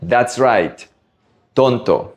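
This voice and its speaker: A man from Latin America teaching Spanish vocabulary, slowly drilling pronunciation word by word. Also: medium pitch, expressive. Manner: slow, careful pronunciation drills. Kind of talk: vocabulary lesson.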